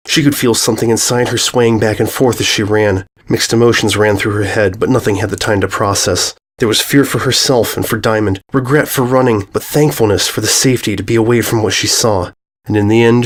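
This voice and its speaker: A man giving a scripted narration of a fan-written story in a steady storytelling delivery. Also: lowish voice.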